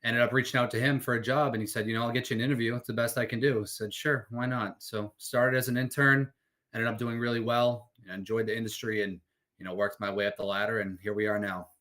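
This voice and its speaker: A young man from the Boston area, a guest on a podcast, talking in a relaxed, laid-back way with plenty of "you know"s. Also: mid-range voice, fast talker. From Boston area, USA. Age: young adult. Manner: relaxed, laid-back, uses many fillers. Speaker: insurance agent, podcast guest. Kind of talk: casual interview conversation.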